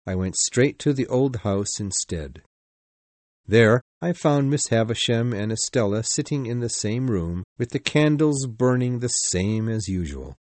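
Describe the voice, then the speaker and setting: A man narrating a storybook in the first person, in an expressive, measured reading. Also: mid-range voice, no echo. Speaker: audiobook narrator.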